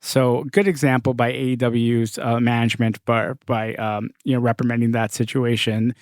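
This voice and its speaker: A man's voice: medium pitch, level tone, moderate pace, dry recording, clean studio sound. A man hosting a casual podcast, talking in an opinionated, conversational way and laughing often. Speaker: podcast host.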